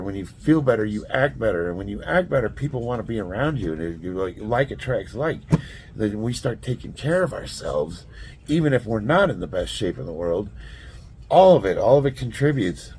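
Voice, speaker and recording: Deep-voiced blunt motivational man. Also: animated, moderate pace, slight background noise. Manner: blunt, conversational, plainspoken. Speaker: strength athlete giving life advice. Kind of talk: casual motivational talk to camera.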